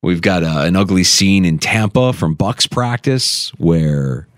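A man co-hosting a sports talk show, chatting in an animated, jokey way. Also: deep voice, a little slow, no room sound, studio quality. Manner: animated, jokey, does goofy voices. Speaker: sports radio co-host.

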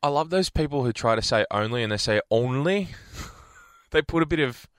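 A man's voice: a little high, animated, moderate pace, dry recording, clean studio sound. A man co-hosting a radio show, joking playfully in casual chat. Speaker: radio co-host.

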